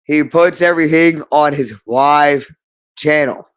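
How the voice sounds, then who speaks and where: A man's voice: fairly high pitch, measured pace, clear, resonant tone. A man delivering an agitated, rambling monologue, repeating himself and swearing often. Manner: agitated, repetitive, profane.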